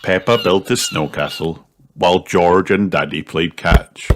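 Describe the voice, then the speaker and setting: A man reading a children's storybook aloud with an expressive storytelling lilt. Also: deep voice, measured pace, noisy background. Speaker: narrator.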